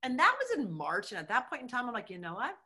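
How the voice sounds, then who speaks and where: A middle-aged woman, a former mayor, telling her story with emphatic, animated energy in a conversational interview. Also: on the high side, quick pace.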